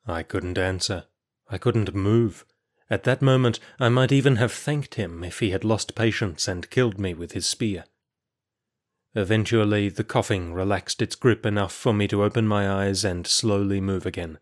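Measured male audiobook narrator, low voice. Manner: measured, steady storytelling. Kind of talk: first-person audiobook narration.

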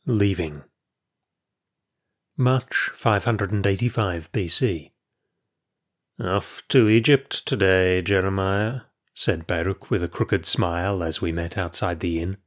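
A man reads a first-person historical story aloud in a measured, even audiobook style. His voice sits on the lower side for a man. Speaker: audiobook narrator.

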